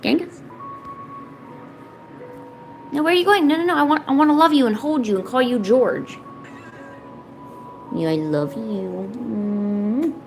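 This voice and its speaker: A woman's voice: high voice, quick pace, hardly any pauses, soft background music, poor audio. A woman streaming casually while drawing, chatting playfully to her cats.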